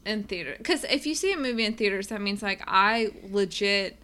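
A woman's voice: medium pitch, expressive, brisk, pushed and bright, clean tone. A woman co-hosting a podcast in casual chat, emphatic and opinionated. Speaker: podcast co-host.

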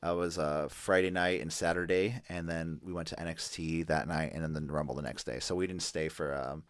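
A man's voice: a bass voice, steady tone, a little fast, dry recording. A man co-hosting a podcast, casually recapping wrestling matches with many fillers and restarts. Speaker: podcast co-host.

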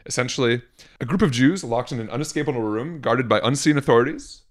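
A man's voice: mid-range voice, quick pace. A man co-hosting a casual podcast, reading news items aloud with sarcastic asides. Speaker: podcast co-host.

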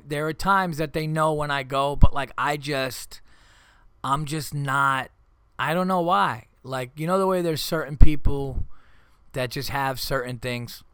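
A man's voice: medium pitch, fairly bright tone, clear, resonant tone, dry recording. A father hosting a podcast, telling rambling comedic stories in casual chat and acting out his family's quoted lines. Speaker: podcast host.

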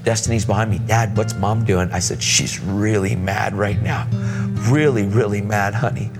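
Man, low voice, lively sermon storytelling, echoing hall, music behind. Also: normal speed. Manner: animated storyteller, acts out voices, says dude and man. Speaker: guest preacher. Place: church hall. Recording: reverberant church hall with music.

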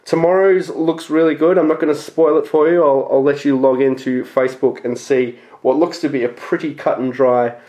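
A man hosting a casual sports podcast, talking bluntly and excitably and swearing casually. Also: a little high, moderate pace, hardly any pauses. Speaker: podcast host. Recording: echoey room.

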